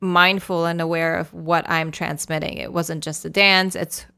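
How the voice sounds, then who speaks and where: Smooth-voiced woman co-hosting a lesson. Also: on the low side, little pitch movement, normal speed, sharp tone. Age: adult who taught dance earlier. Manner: thoughtful, explains with many hedging fillers. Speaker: language podcast co-host. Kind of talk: conversational language lesson.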